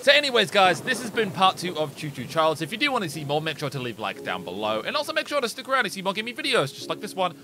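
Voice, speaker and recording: High, lively man doing gameplay commentary. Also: fairly quick, a little hiss or hum. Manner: excitable, jokey, taunts enemies. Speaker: gaming YouTuber. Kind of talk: let's play commentary.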